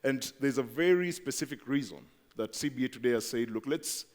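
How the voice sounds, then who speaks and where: A man's voice: medium pitch, fairly quick. A man giving a presentation to an audience, chatty and asking the crowd questions. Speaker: company speaker at event. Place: large event hall. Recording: long hall reverb.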